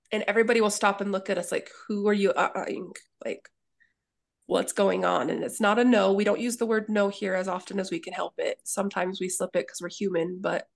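Female dog trainer, gravelly timbre, earnest and chatty. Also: mid-range voice. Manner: earnest, acts out dogs and owners in quick asides. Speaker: dog trainer and daycare owner. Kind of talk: casual interview talk.

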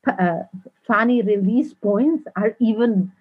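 Halting woman director on a tinny call. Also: mid-range voice, husky. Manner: halting, searching for words, animated storytelling. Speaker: film director, guest. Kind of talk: interview over video call. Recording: tinny phone-like call audio.

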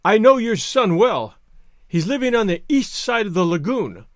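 A man's voice: high-pitched, sing-song, normal speed, no room sound, clean studio sound, pitched above the performer's own voice. A man voicing a frightened island husband in a storybook reading, speaking in faltering, nervous tones.

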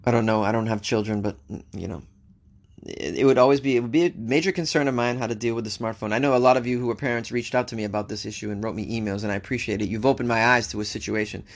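A man's voice: on the low side, fast talker. Wry joking man hosting news. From United States. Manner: wry, joking, talks back to the news he reads. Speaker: news show host. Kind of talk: casual news commentary.

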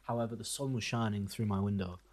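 A young man co-hosting a podcast, giving wry, deadpan song reviews. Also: on the low side, quick pace. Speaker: podcast co-host. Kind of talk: casual music review chat.

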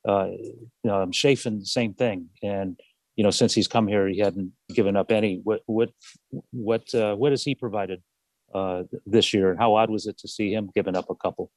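Man, sports reporter, lowish voice, rambling questions, dry sound. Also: steady tone, moderate pace, a little mellow, dry recording. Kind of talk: press conference questions.

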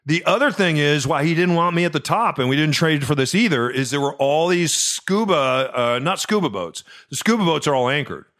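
A middle-aged man hosting a podcast, telling a personal story in a chatty way, stumbling over repeated words and dropping soft and low at the tender parts. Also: lively intonation, brisk, few pauses. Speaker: podcast host. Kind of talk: casual storytelling.

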